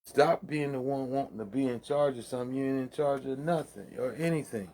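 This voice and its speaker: A man's voice: medium pitch, a little fast, mellow. A man hosting a casual late-night monologue, with loose, profane, preachy street talk, laughing at his own jokes. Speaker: livestream host.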